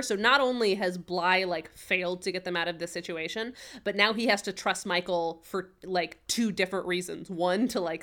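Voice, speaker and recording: A woman's voice: fairly low pitch, a bit bright. A woman co-hosting a podcast, casually recapping a TV episode in a rambling way with lots of fillers. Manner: rambling, filler-heavy recap with frequent laughs. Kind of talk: casual chat.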